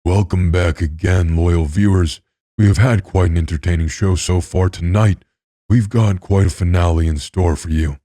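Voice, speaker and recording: A man voicing a sadistic male villain who hosts a dark-web show, cold, mocking and theatrical, in a horror story. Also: low-pitched, steady tone, moderate pace, no room sound, clean studio sound. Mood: showman.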